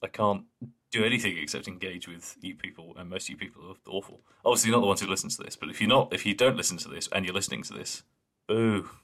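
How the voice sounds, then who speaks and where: A man's voice: deep voice, racing, hardly any pauses, fairly bright tone, husky. A man co-hosting a fan podcast in casual chat, joking and swearing, reading listener emails aloud. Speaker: podcast co-host.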